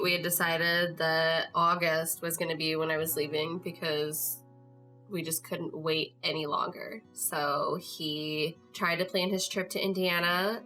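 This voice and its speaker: Young Midwestern woman host, chatty storyteller, lowish voice, soft music under her. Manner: chatty, lots of "like", emotional. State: tearful at moments. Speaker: podcast host. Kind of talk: casual personal storytelling.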